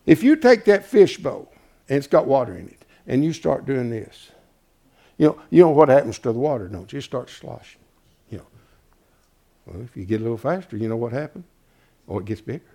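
Gravelly preacher, hushed to shouting. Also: male voice, medium pitch, sing-song, fairly quick, long pauses. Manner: folksy, swings from hushed to shouting. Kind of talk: sermon.

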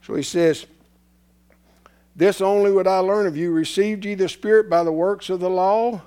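A man preaching a sermon in a folksy, repetitive way, swinging from hushed whispers to shouts as his voice gives out. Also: high-pitched, fairly even intonation, moderate pace, clear, resonant tone. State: losing his voice.

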